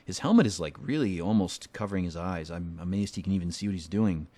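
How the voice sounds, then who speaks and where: A man's voice: sits low, quick pace, hardly any pauses, warm tone. A man giving casual, rambling commentary while playing a game, with many fillers. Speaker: gamer host.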